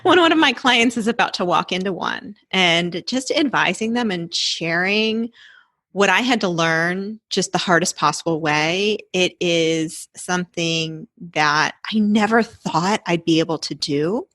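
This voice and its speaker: A woman hosting a podcast, speaking in a measured, reflective way and laughing easily in casual conversation. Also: fairly low pitch, fairly bright tone, dry recording. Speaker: podcast host.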